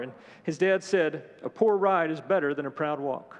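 A man's voice: on the high side, normal speed, in a large hall. A man preaching a sermon as pastor, earnest and mixing scripture with storytelling asides.

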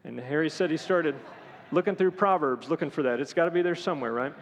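A man delivers a sermon from a church, his voice pitched a little high and ringing with a long hall reverb. He preaches earnestly, weaving scripture with personal stories told to the congregation. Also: fast. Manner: earnest preaching with storytelling asides. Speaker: pastor.

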